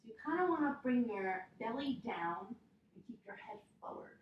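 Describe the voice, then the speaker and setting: A woman teaching yoga to children, reading a story aloud in a gentle, encouraging way and roaring and meowing with them. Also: fairly high pitch, animated, moderate pace, distant mic, muffled recording, slight background noise. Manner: gentle, encouraging, playful animal sounds. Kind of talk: storytime with kids' yoga instruction. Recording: echoey room.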